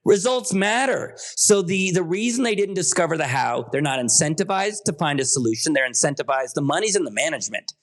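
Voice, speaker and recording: A man's voice: a little high, lively intonation, a little fast, hardly any pauses. A man speaking as a podcast guest, emphatic and insistent, his voice jumping up sharply on key points. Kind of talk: passionate interview talk.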